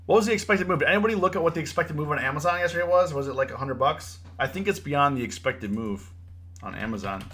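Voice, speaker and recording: A man's voice: fairly high pitch, fast, slightly rough. A young man hosting a live trading stream, talking casually and getting worked up as he lectures, repeating himself a lot. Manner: animated, preachy, repeats himself, says "bro" and "you know". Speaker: livestream trading host. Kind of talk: casual livestream commentary.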